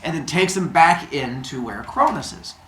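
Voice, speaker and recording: A man telling a silly myth story playfully, animated, with made-up sound effects. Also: fairly high pitch, normal speed, a little hiss or hum. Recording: roomy echo.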